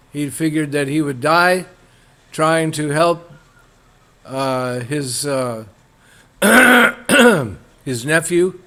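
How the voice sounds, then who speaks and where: A man giving a storytelling religious lecture, halting with fillers and acting out characters. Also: fairly high pitch, fairly bright tone.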